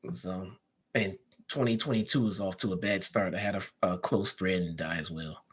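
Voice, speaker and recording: A man's voice: low voice, fairly even intonation, moderate pace, fairly bright tone, breathy edge. A man with a Chicago accent hosting a casual live stream, chatting loosely and answering viewer comments as he goes.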